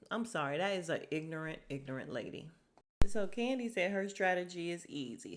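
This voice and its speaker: A woman hosting a podcast, recapping a reality show episode in a sassy, chatty way and laughing often. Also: fairly low pitch. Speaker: podcast host.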